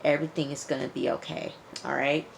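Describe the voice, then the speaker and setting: A woman casually recapping a TV episode, chatty and animated, acting out the characters' lines as she tells it. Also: low voice, quick pace, creaky, a little hiss or hum. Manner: chatty, animated retelling with quoted dialogue. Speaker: TV show reviewer.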